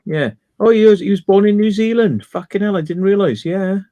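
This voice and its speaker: A man's voice: high-pitched, fairly quick, dark tone, no room sound. A man hosting a casual chat, rambling through stories and swearing freely. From England. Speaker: host.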